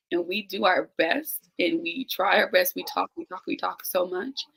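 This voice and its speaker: A woman in her thirties speaks candidly as a guest on a live-stream call, earnest and close to tears. Her voice sits low and gravelly, with a bright, forceful edge. She talks straight to the listeners. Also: measured pace, few pauses, poor audio. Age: 30s. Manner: earnest, emotional, addresses listeners directly. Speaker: guest, teacher and business owner. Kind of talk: candid personal conversation. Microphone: remote live-stream call.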